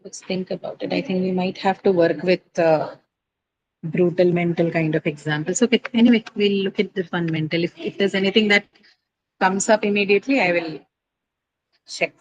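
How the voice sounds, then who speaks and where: A woman's voice: on the low side, steady tone, normal speed, lo-fi sound. A woman teaching an English pronunciation class online, explaining step by step with frequent "uh" and "right?" checks.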